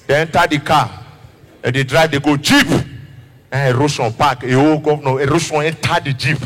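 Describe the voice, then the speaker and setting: Bright high-voiced Nigerian comedian man. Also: in a large hall. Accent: Nigerian Pidgin English. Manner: storytelling, switching into acted characters. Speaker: stand-up comedian. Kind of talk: stand-up comedy routine.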